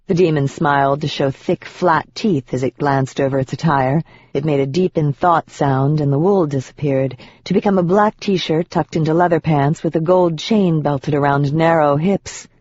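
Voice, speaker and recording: An audiobook narrator reading a fantasy novel in the first person, in an even, measured way with tense emphasis at moments of fear. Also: medium pitch, dry recording. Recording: dull, dry audiobook recording.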